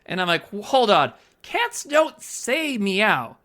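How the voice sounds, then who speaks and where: A man co-hosting a podcast, chatting casually about a movie, laughing often and acting out scenes. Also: sits high. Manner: animated, laughs often, acts out scenes in quick voices. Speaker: podcast co-host. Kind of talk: casual movie-review chat.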